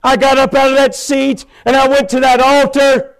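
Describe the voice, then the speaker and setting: A man preaching a sermon in a church, telling his own story with feeling and rising to loud pleading. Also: extremely high pitch, completely flat delivery, moderate pace. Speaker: pastor. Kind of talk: sermon testimony. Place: church sanctuary.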